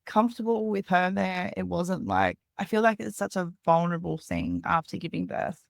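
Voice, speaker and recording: A woman's voice: on the low side, expressive, moderate pace, vocal fry, no room sound. A woman in her thirties, a podcast guest, telling a personal story candidly in a rambling way with lots of "like".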